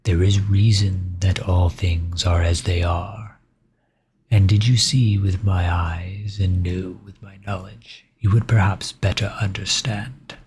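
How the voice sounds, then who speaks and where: A man voicing a courteous old aristocratic male vampire count, in whispered role-play with soft, measured, formal speech. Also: sits low, level tone, soft background music. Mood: courtly, ominous.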